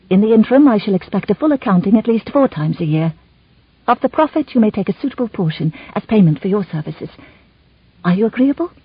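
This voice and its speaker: A woman's voice: medium pitch, breathy edge, no room sound, pitched above the performer's own voice. A woman voicing a young noblewoman, earnest and formal in speech, in a slightly muffled recording. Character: young noblewoman, warm and eager bride.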